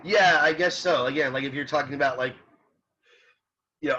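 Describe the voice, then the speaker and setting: A man's voice: a little high, normal speed, pauses often, pushed and bright. A man teaching an ethics class in a casual, rambling way, with lots of fillers and restarts, reading out student comments and answering them. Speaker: college ethics instructor. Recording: slightly muffled recording.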